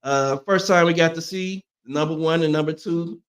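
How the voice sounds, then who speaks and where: A man's voice: on the high side, normal speed. A man co-hosting a sports talk show, chatting through game analysis in a laid-back, agreeable way. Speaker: sports radio co-host.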